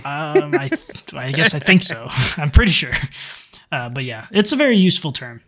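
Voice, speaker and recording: A man's voice: a little high, big pitch swings, moderate pace, fairly bright tone. A young man co-hosting a podcast, reading listener questions and cracking jokes in casual chat. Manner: joking, reads listener questions. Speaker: podcast co-host.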